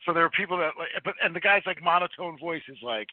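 A middle-aged man with a notably high voice rambles through a casual movie discussion, tossing in profane asides. His voice comes through a tinny, phone-like line. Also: quick pace, no room sound. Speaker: podcast co-host.

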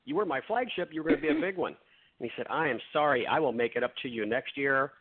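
A man tells a story as a guest on a radio show, slipping into the voices of the people he quotes and often restarting his sentences. His voice sits at an ordinary middle pitch. It comes through a narrow, tinny phone line. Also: quick pace, slightly rough. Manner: retells dialogue, frequent restarts. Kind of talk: storytelling in conversation.

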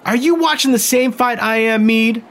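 A man voicing a furious, sharp-tongued woman who patches up a battered fighter in an audiobook. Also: extremely high pitch, moderate pace, pitched above the performer's own voice. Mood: scolding, sarcastic. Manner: scolding, sarcastic.

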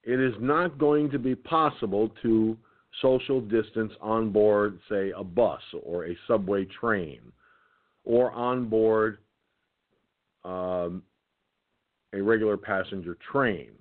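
A tired man hosting an internet radio show, reading a document aloud haltingly with his own comments, stumbling and restarting words. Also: fairly low pitch. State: tired, keeps yawning. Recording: tinny phone-like line.

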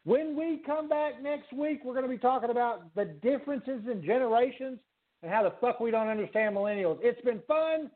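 Profane rambling male podcast host, high voice, tinny phone-like sound. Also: brisk. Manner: rambling, swears freely, laughs a lot. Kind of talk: casual profane chat.

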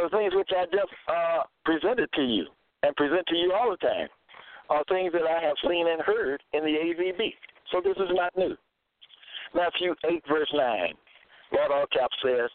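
A self-styled religious teacher with a fairly high-pitched male voice reads scripture verses aloud, then interprets them, repeating key phrases for emphasis. The recording is dry and thin, like a phone.

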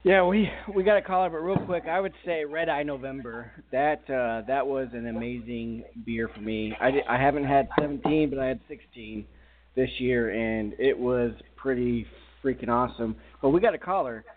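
A man co-hosting a casual beer chat, relaxed and chatty. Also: mid-range voice, moderate pace. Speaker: co-host. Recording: lo-fi phone-like sound.

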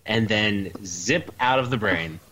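Teasing low-voiced male podcast host. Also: slow pace, pushed and bright, slight background noise, low-quality recording. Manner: teasing, playful. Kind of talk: casual podcast interview.

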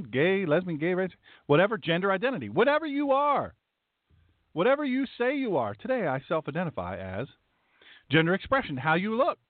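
A man's voice: a little high, dry recording. Male pastor-commentator, emphatic and indignant, dry close sound with no room. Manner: emphatic and indignant, animated asides. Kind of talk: opinion commentary reading legal text aloud. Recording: tinny phone-like dry sound.

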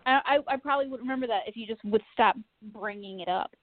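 A woman telling a story in casual chat, animated and self-mocking, swearing freely. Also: fairly high pitch, fast, no room sound. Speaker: podcast co-host. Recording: tinny phone-like line.

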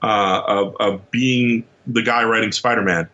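A man guest on a podcast, telling stories in an animated, casual way, acting out quotes and laughing often. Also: on the low side, measured pace, lo-fi sound. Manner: lively storyteller who acts out quotes and laughs often. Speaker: podcast guest, comics writer.

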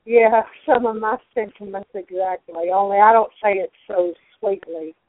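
A woman's voice: mid-range voice, steady tone, moderate pace, no room sound. Rambling older woman on a phone line. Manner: blunt, rambling. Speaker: host. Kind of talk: casual conversation. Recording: tinny phone line, dry.

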